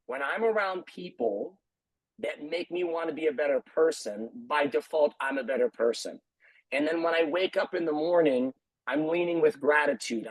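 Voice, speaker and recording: A man's voice: fairly high pitch, no room sound, rough recording. A man who runs a martial arts school, talking earnestly on a video call panel and repeating phrases for emphasis.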